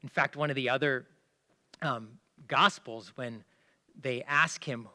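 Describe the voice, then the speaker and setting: A male pastor preaching a sermon, with emphatic stresses that drop into hushed asides. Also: mid-range voice, normal speed. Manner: explains by asking listeners to pay attention.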